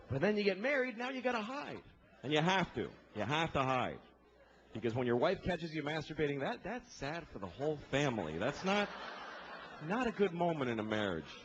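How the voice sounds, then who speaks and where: A man in his thirties doing a stand-up comedy set, profane and exasperated, acting out characters in quick asides. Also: a little high, very animated, a bit bright, muffled recording, a little hiss or hum. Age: 30s.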